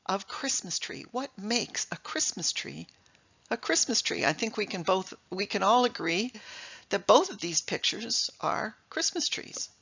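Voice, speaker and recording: A woman's voice: mid-range voice, very animated, measured pace, vocal fry, a bit bright, breathy edge, muffled recording. A middle-aged woman presenting a talk to an audience, emphatic and full of rhetorical questions. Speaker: speaker giving a talk on English.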